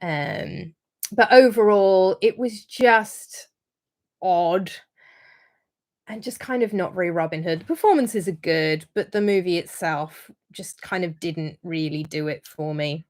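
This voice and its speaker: A woman's voice: on the low side, unhurried. A woman hosting a casual livestream review, talking in a chatty, rambling way with frequent ums and restarts. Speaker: historian livestream host.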